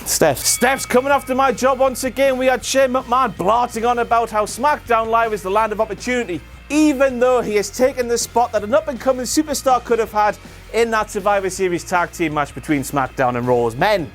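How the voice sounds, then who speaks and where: A man's voice: very high voice, brisk, faint music behind. A man hosting a comedic wrestling recap, sarcastic and profane, slipping into silly voices. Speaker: host.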